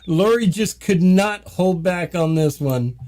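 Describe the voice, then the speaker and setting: A man's voice: high-pitched, animated, takes it slowly, darkish tone. A man from Canada hosting a casual talk show, hesitant with ums and prone to giggling. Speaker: host.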